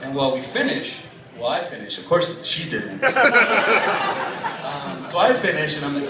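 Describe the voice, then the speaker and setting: Young man doing a profane, animated stand-up set. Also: fairly high pitch, measured pace, long pauses, heavy background noise. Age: young adult. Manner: profane, animated storytelling with acted-out voices. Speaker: stand-up comedian. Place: comedy club stage with a laughing audience. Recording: echoey club recording from far off. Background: audience laughter.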